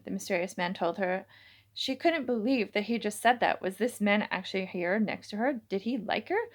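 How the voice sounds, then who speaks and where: A woman reading her own romance novel aloud, halting, with frequent restarts and self-corrections. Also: mid-range voice, expressive.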